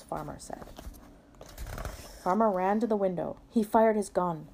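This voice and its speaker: A woman reading a children's picture book aloud to a small child at home, in an expressive sing-song storytelling manner. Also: mid-range voice, normal speed, a little hiss or hum.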